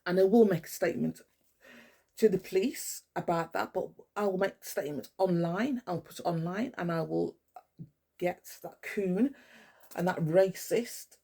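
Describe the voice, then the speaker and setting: A woman's voice: fairly low pitch, normal speed, vocal fry, dark tone, breathy edge. A woman, talking to the camera in a blunt, rambling monologue full of swearing. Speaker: vlogger. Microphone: camera mic.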